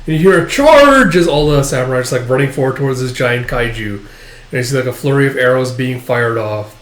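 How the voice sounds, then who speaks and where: A man's voice: medium pitch, lively intonation, brisk, a bit bright. Rambling man in an echoey room. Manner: rambling with many fillers. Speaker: manga chapter reviewer. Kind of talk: casual comic read-through.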